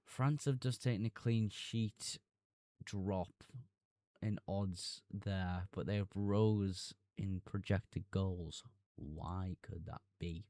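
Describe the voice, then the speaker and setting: A man's voice: on the low side, steady tone, slow pace, warm tone, no room sound, clean studio sound. A young man streaming live, reading chat messages aloud and answering them casually.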